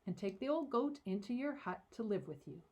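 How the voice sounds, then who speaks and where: A woman voicing a calm, commanding old male rabbi, speaking in a measured, firm and unhurried way. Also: medium pitch, husky.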